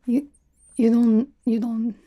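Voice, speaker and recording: A young woman voicing a brash, teasing female spy who interviews a recruit, in whispered role-play with a soft, half-whispered, rambling way of talking. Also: fairly high pitch, level tone, takes it slowly. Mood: playful teasing. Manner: teasing, chatty, self-absorbed, drops articles. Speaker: ASMR creator.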